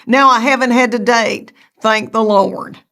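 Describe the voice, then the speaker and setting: A woman's voice: fairly high pitch, fairly even intonation, a little slow, sharp tone. A woman in her fifties with a Southern East Tennessee accent, telling stories in a folksy, drawling interview manner and calling the listener honey. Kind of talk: casual interview storytelling.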